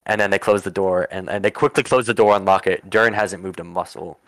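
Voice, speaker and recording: A man narrating as game master for a tabletop campaign, rambling with lots of fillers and quick in-character asides. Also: sits low, steady tone, gravelly, no room sound.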